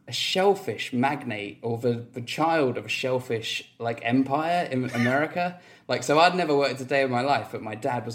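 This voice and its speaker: Pub-podcast guest, man, laughing storyteller, loose and rambling. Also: mid-range voice. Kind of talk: casual chat, storytelling.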